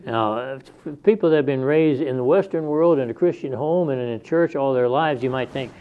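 A man's voice: medium pitch, brisk, few pauses, dark tone, clean tone. Man preaching a plain-spoken sermon. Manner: conversational, reads scripture aloud then explains it plainly. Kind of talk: expository sermon. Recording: dull lo-fi sermon recording.

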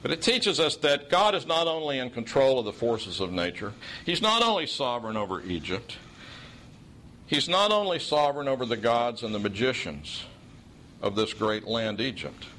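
A man's voice: medium pitch, very animated, normal speed, a bit bright, slight background noise, rough recording. A man from Oklahoma with a Southern accent, preaching a sermon in a folksy storytelling way with dry humor.

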